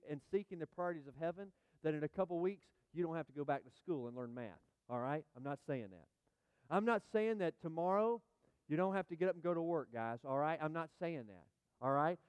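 A middle-aged man preaching a sermon in an animated, emphatic way, repeating phrases and speaking directly to the congregation. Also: fairly high pitch, clean tone, no echo. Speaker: pastor.

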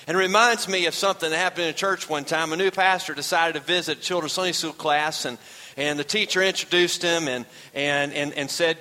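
A man's voice: a little high, fairly even intonation, fairly quick, sharp tone, in a large hall, rough recording. A male pastor preaching a sermon, a folksy storyteller who calls out to the congregation.

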